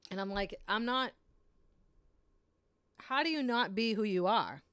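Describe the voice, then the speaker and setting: Young adult woman, podcast host, blunt and frank, swears freely, dry close sound, mid-pitched. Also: animated, a little slow, a bit bright, clean tone, no echo. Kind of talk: casual solo rant.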